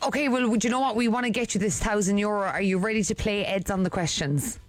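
A woman co-hosting breakfast radio, chatty and upbeat, quick to laugh. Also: mid-range voice, soft background music. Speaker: radio co-host. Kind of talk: lively breakfast radio banter.

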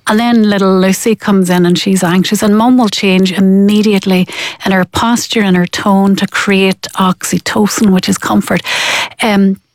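Woman guest, mid-pitched, lively and explanatory, dry close-miked studio sound. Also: moderate pace, no echo. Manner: animated, acts out quoted parents. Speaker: parenting expert guest. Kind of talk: conversational interview explanation.

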